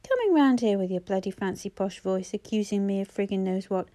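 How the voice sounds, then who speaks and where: A woman voicing a hostile, chain-smoking middle-aged mother with a thick, husky voice and a bullying screech. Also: animated, fairly quick, dark tone, natural voice. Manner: shrill, aggressive screech.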